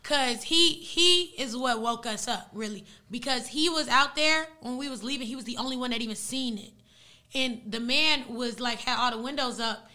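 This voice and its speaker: As a podcast guest, this young native Arabic speaker casually recounts a story with lively, slangy energy. She talks at a moderate pace in a voice on the high side.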